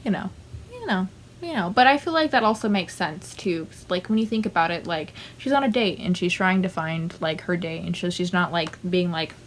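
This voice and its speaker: A young woman vlogging casually, chatty and animated, full of fillers and side remarks. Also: lowish voice, moderate pace, slight background noise. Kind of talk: casual ranking vlog.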